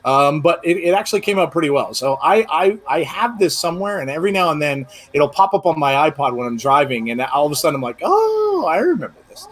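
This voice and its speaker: A man's voice: on the high side, fast, hardly any pauses, a bit bright. A middle-aged man co-hosting a live wrestling podcast, chatting casually and rambling with lots of fillers and restarts. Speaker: podcast co-host. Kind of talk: casual live-show chat.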